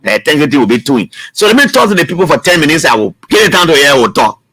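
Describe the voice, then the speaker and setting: High bright Liberian radio host. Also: male voice, fast talker, breathy edge, dry recording, poor audio. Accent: Liberian English. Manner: animated, repeats words, argues hard. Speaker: radio talk show host. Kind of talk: call-in radio talk.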